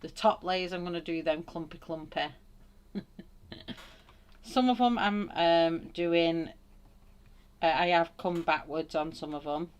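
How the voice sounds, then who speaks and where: A woman's voice: on the low side, slow pace, long pauses, smooth, muffled recording. A woman hosting a live colouring tutorial, thinking aloud as she works and greeting viewers in the chat with frequent laughs. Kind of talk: live colouring demonstration, chatty.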